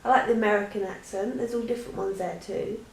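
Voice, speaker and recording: A woman's voice: mid-range voice, steady tone, quick pace, vocal fry, a little mellow, reverberant, a little hiss or hum, low-quality recording. A woman answering questions in a chatty, rambling way, with many restarts. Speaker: vlogger. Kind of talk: casual Q&A chat.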